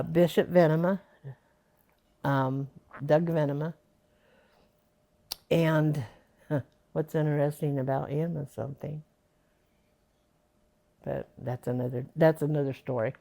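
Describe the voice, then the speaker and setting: An older woman with a low, gravelly and mellow voice recalls her past in a rambling, unhurried way. She fills her pauses with "um" and "uh" and drifts between stories as she talks. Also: steady tone. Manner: rambling, reminiscing, with fillers and laughs. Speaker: interviewee. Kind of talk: oral history interview.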